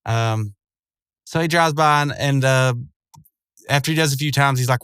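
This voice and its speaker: A man's voice: medium pitch, moderate pace, long pauses, fairly bright tone, clear, resonant tone, dry recording. A man casually retelling a cartoon episode, rambling with lots of fillers and frequent chuckles. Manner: rambling, loose, chuckling often, many fillers. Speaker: show recapper.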